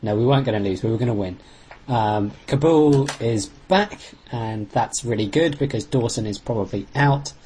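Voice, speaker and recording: A man co-hosting a podcast, talking football earnestly, pausing on fillers and sometimes venting. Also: mid-range voice, warm tone, a little hiss or hum, low-quality recording. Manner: earnest, rambling, with sudden outbursts. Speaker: podcast co-host. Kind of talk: casual football chat.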